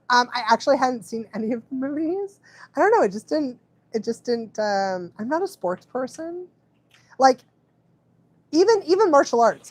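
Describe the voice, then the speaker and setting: A woman's voice: high voice, darkish tone, dry recording. A woman dog trainer giving casual live advice, chatty, often laughing and checking in with the listener.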